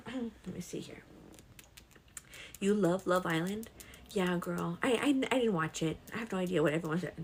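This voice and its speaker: A woman's voice: fairly low pitch, normal speed, pauses often, a little hiss or hum. A young pregnant woman hosting a casual live stream, reading viewer comments in a chatty, affectionate way and calling everyone "girl". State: pregnant with twins.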